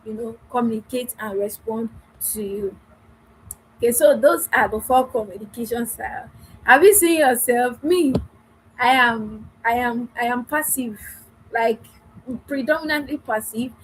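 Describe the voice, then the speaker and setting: High-pitched woman, earnest marriage coach, repeats herself, acts out dialogue, faint background hum. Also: rough recording. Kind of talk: teaching talk to wives.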